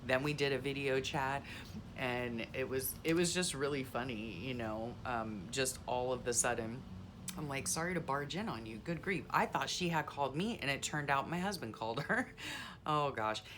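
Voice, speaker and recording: Flipping through her journal, a middle-aged journaling channel host talks in a bass voice at a moderate pace. She's giggly and casual, full of ums and exclamations, with noise in the background.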